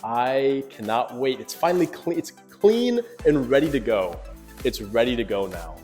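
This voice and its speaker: A man hosting a fishkeeping vlog, chatting casually and excitedly to his viewers with rambling asides. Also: mid-range voice, measured pace, faint music behind. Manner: rambling with fillers. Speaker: fishkeeping channel host.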